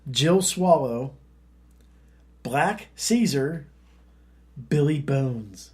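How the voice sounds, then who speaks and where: A man's voice: a little high, lively intonation, very slow, husky. A man co-hosting a casual podcast, playfully running a quiz game with dry humor.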